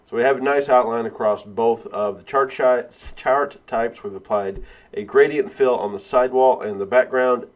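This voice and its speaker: A man instructor giving a screen-recorded software tutorial, explaining each click step by step and correcting himself along the way. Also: mid-range voice, moderate pace. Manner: steady step-by-step walkthrough, self-correcting.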